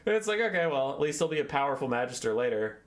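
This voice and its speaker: A man's voice: mid-range voice, very animated, very fast. A young man giving a casual, rambling and sarcastic lore recap, swearing and acting out characters. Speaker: lore video host.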